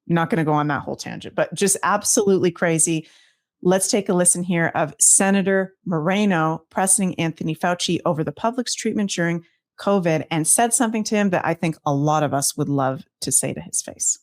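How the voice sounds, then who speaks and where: A woman co-host chatting casually in an animated, incredulous tone, her voice sitting a little low. The sound is dry and close, with no room around it. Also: a little fast, no echo. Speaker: podcast co-host. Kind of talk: casual chat.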